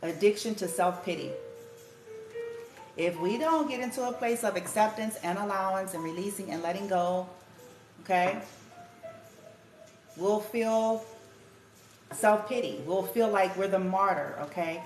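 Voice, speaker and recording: A woman's voice: medium pitch, unhurried, long pauses. Woman, tarot reader, chatty and loose, casual swearing, echoey room, music behind. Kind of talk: casual spiritual card reading. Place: room at home with music playing.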